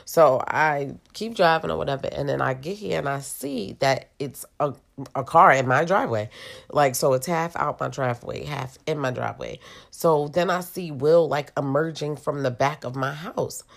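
Woman, low and gravelly, for a blunt, heated first-person story told to camera with loose fillers. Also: moderate pace. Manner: heated, blunt, with frequent profanity; talks loosely with fillers like "like" and "you know". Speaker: mother telling a personal story.

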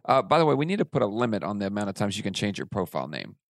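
A man's voice: on the low side, very animated, rapid-fire, dry recording, clean studio sound. A man co-hosting a casual podcast, teasing his friends and reading out listener questions. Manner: upbeat, teasing, reads community questions. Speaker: podcast co-host.

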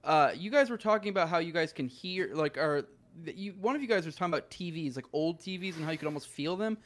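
A man, a podcast co-host, talking in a quick, incredulous, casual way. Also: fairly high pitch, slight background noise. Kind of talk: casual chat.

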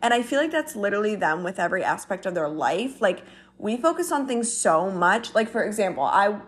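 A woman's voice: medium pitch, big pitch swings, a little fast. Young woman vlogging, chatty and blunt, kinda exasperated, just venting to the camera. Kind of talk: casual talk to camera.

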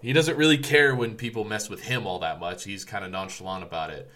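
A man's voice: fairly low pitch, fairly even intonation, fairly quick, sharp tone. A man co-hosting a podcast in casual chat, rambling with many fillers and restarts. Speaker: podcast co-host.

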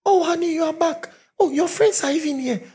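A man voicing a sweet, doting young wife in a high, gushing falsetto. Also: a little fast, warm tone.

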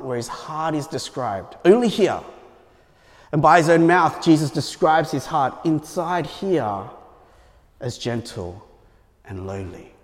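Male pastor, chatty sermon, higher voice, hall echo. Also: darkish tone. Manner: conversational, frequent "right?" tags.

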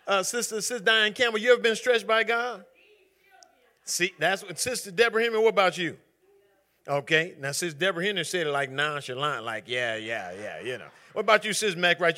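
A man's voice: sits high, bright, forceful tone. A man leading an interactive Bible study, calling on members by name in a conversational, emphatic way. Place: church group gathering.

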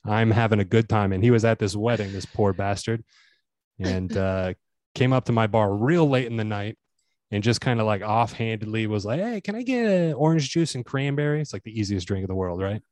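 Animated man telling a funny story. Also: fairly low pitch, brisk, no echo. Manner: animated storyteller, swears freely, acts out quotes. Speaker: podcast co-host. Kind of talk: casual comedic chat.

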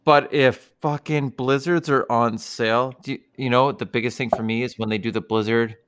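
A man's voice: mid-range voice, fairly even intonation, normal speed, fairly bright tone, clean tone. Guy swearing a lot, rambling stories, chatting on a video call. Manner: profane, rambling storyteller. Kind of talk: casual chat.

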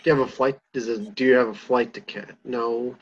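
A man's voice: mid-range voice, fairly even intonation, fairly quick, breathy edge. A man hosting a podcast in casual chat, swearing and teasing his friends. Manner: profane, teasing. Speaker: podcast host. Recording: dull lo-fi sound.

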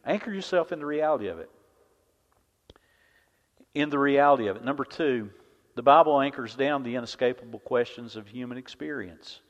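A man's voice: mid-range voice, a little fast, pauses often. Impassioned man preaching in a hall. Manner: impassioned preaching, swings from loud to hushed. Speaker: pastor. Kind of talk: sermon. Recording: dull, reverberant hall sound.

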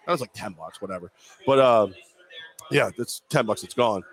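Man, co-host, casual sports talk, jokey, self-mocking, mid-range pitch. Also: fairly quick, fairly bright tone.

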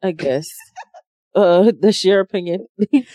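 A soft-spoken woman co-hosting a podcast, calmly defending herself in an argument. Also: lowish voice, measured pace, dry recording. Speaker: podcast co-host. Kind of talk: casual argumentative chat.

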